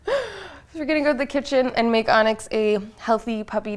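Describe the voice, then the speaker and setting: A woman's voice: on the high side, expressive, normal speed. A young woman in casual vlog chat, talking through a baking recipe in her home kitchen and chatting to her dog along the way. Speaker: vlogger.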